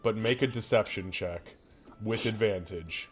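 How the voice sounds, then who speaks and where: A man's voice: fairly low pitch, a little slow, faint music behind. A man narrating a tabletop game as game master in a loose, rambling way. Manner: casual, rambling narration with fillers.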